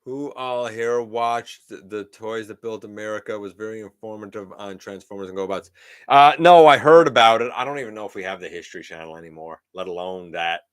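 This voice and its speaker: A man's voice: on the low side, a little fast, smooth. A middle-aged man hosting a live stream, chatting casually and greeting viewers by name. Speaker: host of a live toy-collecting show.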